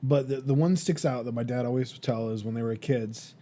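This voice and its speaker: A man's voice: medium pitch, brisk, dark tone, a little hiss or hum. A young man co-hosting a podcast, chatting casually and telling stories with many fillers and restarts. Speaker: podcast co-host. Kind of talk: casual chat.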